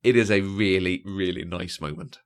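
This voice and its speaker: Lower-voiced man chatting about films. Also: normal speed, smooth. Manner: animated, often acting out quoted lines. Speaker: podcast co-host. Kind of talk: casual chat about films.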